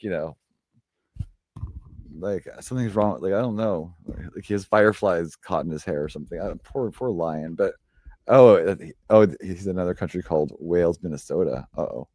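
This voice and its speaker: A man's voice: on the low side, darkish tone, dry recording, clean studio sound. A man hosting a live stream and reading horoscopes in a rambling, chatty way, full of fillers and self-corrections. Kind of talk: casual live-stream chat.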